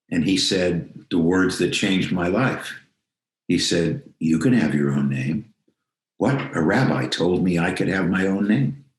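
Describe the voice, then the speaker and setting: A man's voice: fairly low pitch, roomy sound. An older man, a guest on a video call interview, telling a personal story reflectively and acting out the dialogue he quotes.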